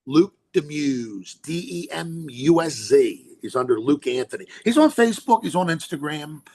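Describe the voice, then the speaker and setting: A man guest in an interview, an animated storyteller who acts out quotes and laughs often as he recalls directing films. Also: fairly high pitch, normal speed, a little hiss or hum.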